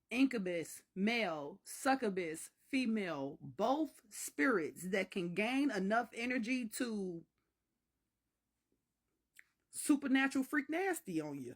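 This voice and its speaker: A woman from the Chicago area telling a dramatic story in a casual storytime vlog, animated and swearing freely. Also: mid-range voice, slow. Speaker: storyteller vlogger.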